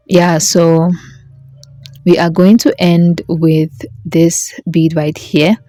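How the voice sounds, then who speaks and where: A woman with a lowish, mellow voice leads a hands-on craft tutorial in a chatty, playful way. She talks straight to her viewers, jokes along the way and corrects herself as she goes. The sound is dry and close, with no room around it. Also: no echo. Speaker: beading tutorial host.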